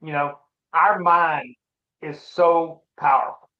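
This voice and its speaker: A middle-aged man as an interview guest, telling his personal story in a halting, reflective, earnest way. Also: a little high, fairly even intonation. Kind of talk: casual conversation, personal story. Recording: roomy, dull lo-fi sound.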